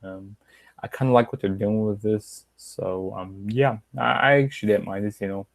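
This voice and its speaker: A man's voice: on the low side, fairly even intonation, moderate pace, vocal fry, no room sound. A young man casually reviewing a wrestling show, rambling with many fillers and retelling lines in a slightly raised voice.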